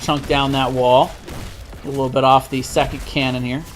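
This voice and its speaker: A man doing live play-by-play commentary on an esports match, steady with frequent self-corrections. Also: medium pitch, normal speed, soft background music. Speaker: esports caster.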